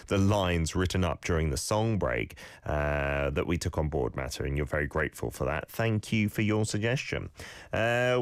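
A very low-voiced male radio host coaching listeners on pronunciation. He talks in a relaxed, casual way and patiently repeats sounds slowly. The mic sounds close and dry, with no room around him. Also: dry recording. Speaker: radio host teaching Korean. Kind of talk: casual radio talk with language tips.

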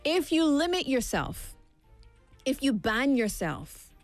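A woman's voice: high voice, sing-song, takes it slowly, faint music behind. A young woman chatting playfully to camera in a vlog, full of jokey asides. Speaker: vlogger. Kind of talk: casual chat to camera.

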